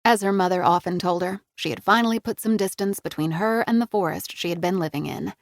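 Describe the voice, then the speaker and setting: A woman's voice: lowish voice, brisk, creaky, no room sound, clean studio sound. A woman narrating an audiobook in a scripted reading style.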